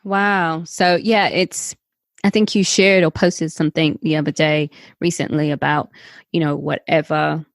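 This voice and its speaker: A woman's voice: sits low, level tone, a little slow, no room sound. A woman hosting a podcast interview, speaking in an affirming, encouraging way. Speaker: podcast host. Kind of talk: conversational interview.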